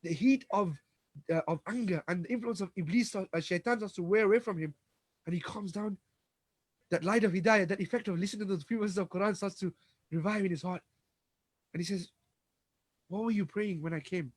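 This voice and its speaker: Fast, high-voiced man telling a religious story. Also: slightly rough, no echo. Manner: dramatic retelling, acts out quoted dialogue; frequent restarts and repeated words. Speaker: Islamic lecturer.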